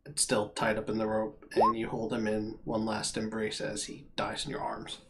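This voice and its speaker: A man narrating as game master, halting and repeating words as he describes the scene. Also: lowish voice, monotone, creaky, very noisy.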